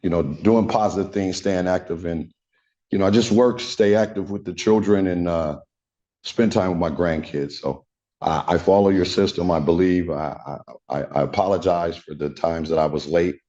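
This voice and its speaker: Halting older man, deep, dark voice. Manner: halting, repetitive, earnest. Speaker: defendant. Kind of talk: addressing the court. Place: courtroom. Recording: dull lo-fi courtroom audio.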